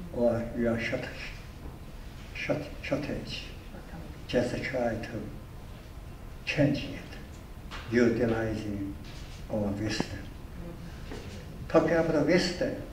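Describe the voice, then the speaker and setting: Casting: elderly man, 90s, earnest, unhurried, distant from the mic in an echoey hall. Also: medium pitch, darkish tone, slight background noise. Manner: slow, earnest encouragement. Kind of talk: onstage interview answers.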